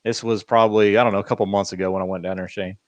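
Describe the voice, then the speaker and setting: A man's voice: lowish voice, flat delivery, rapid-fire, no room sound. Easygoing middle-aged male podcast host. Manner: joking, easygoing storyteller. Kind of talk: casual podcast chat.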